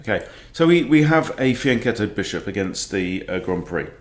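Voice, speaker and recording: In an echoey room, a middle-aged chess coach sighs and mocks himself in exasperated live commentary on his online games. His voice is on the low side, very animated, at a normal pace.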